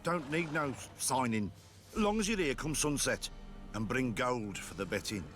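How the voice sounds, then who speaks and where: A man voicing a gruff, blunt horse-race organizer in a video game. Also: medium pitch, lively intonation, a bit bright, faint music behind. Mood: brusque. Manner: blunt, brisk, rough-spoken.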